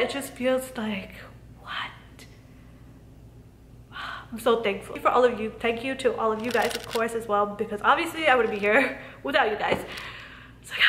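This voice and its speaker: A woman's voice: a little high, bright, forceful tone, echoey room, slight background noise. Gushing young woman vlogging from a hotel. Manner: gushing, giggly, says literally and like often. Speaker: beauty vlogger. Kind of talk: casual vlog chat. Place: large hotel room.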